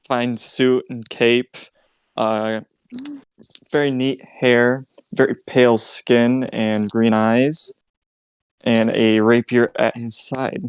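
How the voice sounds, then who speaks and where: A new player, a man, describing his character at a tabletop game in a slow, flat manner, some distance from the microphone. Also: mid-range voice, slight background noise.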